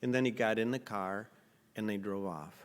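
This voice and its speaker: A man who is a guest on a casual podcast. He tells a story in a blunt, animated way. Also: on the low side, moderate pace, smooth, in a large hall. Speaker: artist guest. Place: studio.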